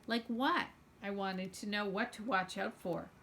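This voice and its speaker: A woman reading a children's novel aloud in an expressive first-person storytelling voice. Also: mid-range voice, moderate pace, vocal fry, slight background noise. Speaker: storytime reader.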